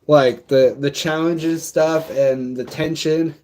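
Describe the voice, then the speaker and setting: A man's voice: fairly high pitch, steady tone, slow, a little mellow. A young man in casual reaction commentary, talking loosely in slang and laughing often as he reviews a song. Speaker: music reviewer.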